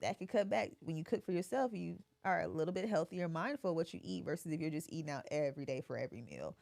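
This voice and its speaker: A woman's voice: low voice, fast talker, gravelly. A woman, a surgeon guest chatting frankly and practically on a podcast. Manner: animated, laughs often, frank and practical. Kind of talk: casual podcast chat.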